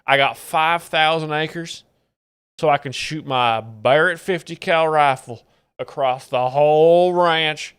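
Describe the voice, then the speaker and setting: A man's voice: fairly high pitch, slow, fairly bright tone, clear, resonant tone. A man putting on a bragging rich Texan. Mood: boastful. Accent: Texan, put on. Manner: swaggering drawl, bragging. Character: boastful rich Texan man, gun-loving ranch owner.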